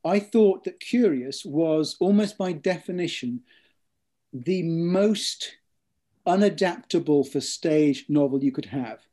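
Soft-toned man telling stories. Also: on the high side, animated. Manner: measured storytelling with frequent ums and repeated words. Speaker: author interviewed about his books. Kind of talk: thoughtful interview conversation.

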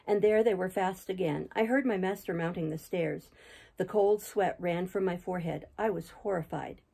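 A woman reading a classic novel aloud in a steady, measured manner. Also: lowish voice, vocal fry, husky, poor audio. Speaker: reader, channel host. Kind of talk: audiobook reading.

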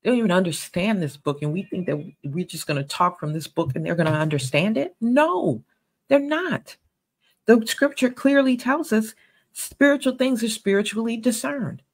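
A woman's voice: mid-range voice, animated, moderate pace, rough recording. A woman giving a sermon-style Bible teaching, earnest and conversational, with emphatic stresses.

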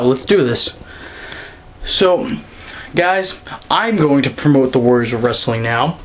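A young man ranting straight into his camera, scornful and mocking, his pitch jumping up to stress a point. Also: animated, slow, long pauses, slight background noise. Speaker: wrestling vlogger. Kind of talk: direct-to-camera rant. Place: quiet room at night. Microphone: camera mic.

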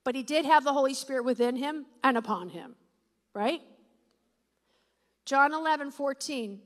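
A woman preacher giving a sermon to a gathered audience. She reads scripture aloud, puts questions to the listeners, and builds to loud, emphatic declarations. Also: sits high, moderate pace. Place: church or meeting hall with an audience. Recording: long hall reverb.

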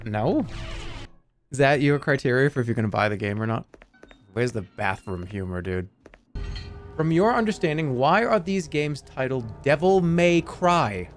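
A man's voice: medium pitch, expressive, moderate pace. A man streaming a video game, chatting casually with viewers in a jokey, exaggerated way. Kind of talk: casual livestream chat while gaming. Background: game music.

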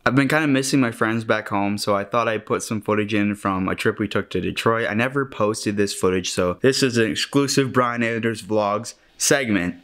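Chatty low-voiced young man vlogging. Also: normal speed, hardly any pauses, fairly bright tone. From Michigan. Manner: chatty, self-deprecating, laughs often. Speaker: vlogger and actor. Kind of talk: casual vlog chat to camera.

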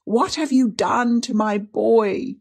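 A woman's voice: sits low, big pitch swings, normal speed, slightly rough, full character voice. A woman reader voicing a stern middle-aged aunt who questions sharply and grows frantic. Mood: demanding. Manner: sharp, demanding.

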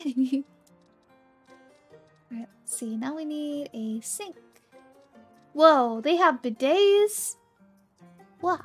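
Bubbly high-voiced woman streamer. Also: lively intonation, very slow, pauses often, soft background music. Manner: bubbly, giggly, chatting to viewers. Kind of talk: casual game livestream chat.

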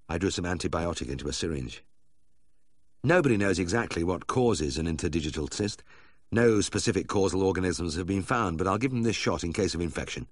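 A man's voice: sits low, no room sound. A man narrating an audiobook in a dry, wry storytelling manner. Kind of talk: scripted narration.

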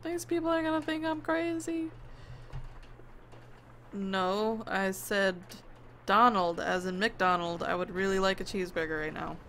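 A woman streaming a video game, reacting out loud and swearing often. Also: medium pitch, a little slow, slight background noise. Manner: profane, reactive, talks to the screen. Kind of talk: let's play commentary.

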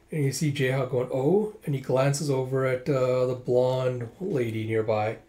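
A man talks his way through a manga volume in a relaxed, casual way, describing what happens in each panel. He slips into the characters' lines as he goes, with short asides in between. His voice sits at an ordinary middle pitch. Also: normal speed, hardly any pauses. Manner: reads panels aloud, voicing characters lightly with "it's like" asides. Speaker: manga reader. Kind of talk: casual manga readthrough narration.

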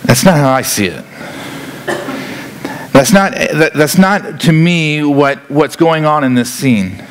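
A male pastor preaching a sermon, animated and often repeating words as he acts out scenes. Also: a little high, takes it slowly, a little hiss or hum.

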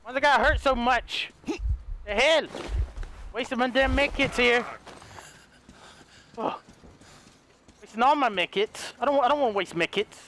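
A man hosting a gaming video, giving excitable casual commentary, yelping and talking back to enemies. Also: very high voice, measured pace, pauses often, a little hiss or hum. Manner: excitable, yelps and talks to enemies. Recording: voice over loud game audio. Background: game sound effects.

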